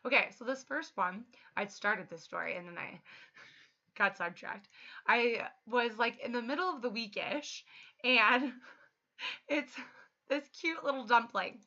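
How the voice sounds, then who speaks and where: A thirty-year-old woman chatting casually while livestreaming a game, upbeat and quick to laugh. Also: on the high side, sharp tone. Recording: slightly muffled lo-fi stream audio.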